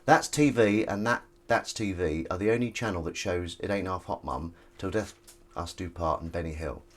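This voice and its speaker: A man's voice: low voice, moderate pace. A man hosting a livestream, chatting and rambling while washing dishes. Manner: rambling, chatty, self-interrupting. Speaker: livestream host. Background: clattering dishes and cutlery.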